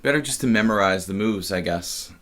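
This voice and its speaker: Low-voiced man musing over live chess. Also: fairly bright tone. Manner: musing, halting, many fillers and restarts. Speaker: chess streamer and commentator. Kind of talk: live game commentary, thinking aloud.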